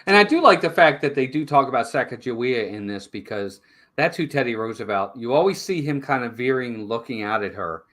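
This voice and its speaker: A man co-hosting a movie review show chats casually and briskly in a mid-range voice, retelling the plot as an animated storyteller who acts out the characters' lines.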